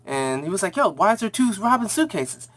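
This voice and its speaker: A man casually recapping and reviewing a TV episode, rambling in slang and acting out the characters' lines in quick voices. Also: high voice, big pitch swings.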